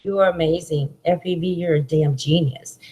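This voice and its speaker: A woman's voice: sits low, fairly even intonation, moderate pace, dark tone, rough recording. A woman hosting a livestream chat, talking in an effusive, heartfelt, spiritual way over a video call. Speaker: livestream host. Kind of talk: emotional live chat.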